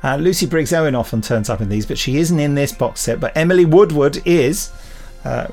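Gravelly male podcast co-host. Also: on the high side, fairly quick, a little mellow, faint music behind. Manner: chatty anecdotal storytelling with mimicry. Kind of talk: casual chat.

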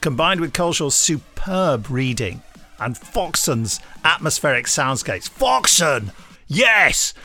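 A man co-hosts a podcast with playful banter and quick jokes. His voice is bright and sharp, with lively swings in pitch, and faint music runs behind him. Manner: playful, joking asides, puts on silly accents. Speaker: podcast co-host. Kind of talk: casual banter.

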